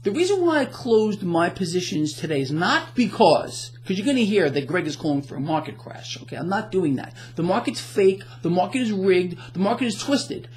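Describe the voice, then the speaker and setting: A man's voice: sits high, sing-song, normal speed, few pauses, slight background noise. A man hosting financial commentary, ranting to the camera with emphatic sarcasm and rhetorical questions.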